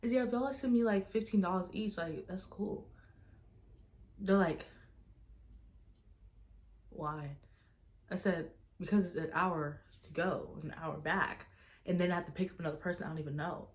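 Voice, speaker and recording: A young woman with a slightly low-pitched voice tells a story to her camera. She talks casually, scatters "like" through her sentences and slips into other people's lines as she retells the conversation. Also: steady tone, normal speed, pauses often. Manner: casual, fills speech with "like", retells dialogue in quoted voices. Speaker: vlogger.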